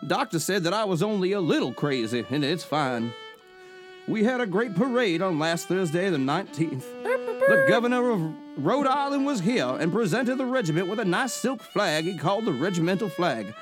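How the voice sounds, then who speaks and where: A man voicing a crude Civil War soldier's letter home, read slowly in a hammy, mock-formal put-on Southern accent. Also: sits high, very animated, over music.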